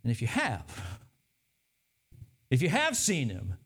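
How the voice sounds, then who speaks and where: A man delivers a sermon as pastor, earnest and measured at a middle pitch. He circles back on his phrases, repeating them for emphasis as he preaches. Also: huge pitch swings, a bit bright, husky.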